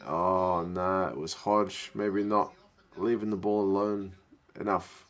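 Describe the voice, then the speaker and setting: Chatty man, lowish voice. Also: steady tone, slow pace. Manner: chatty, answers viewer questions aloud. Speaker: livestream host. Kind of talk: casual live watch-along commentary. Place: home living room.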